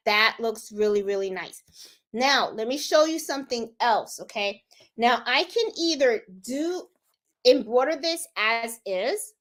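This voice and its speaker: Craft channel lady walking thru embroidery software live, kinda high voice, lots of "let me see" thinking out loud. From Puerto Rico. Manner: chatty, thinks aloud while clicking through options. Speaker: sewing and embroidery channel host.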